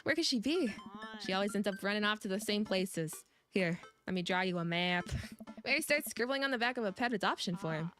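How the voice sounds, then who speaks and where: A woman voicing a brisk, teasing adult woman who volunteers at an animal shelter, reading game dialogue aloud. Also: medium pitch, lively intonation, a bit bright, faint music behind, lightly acted.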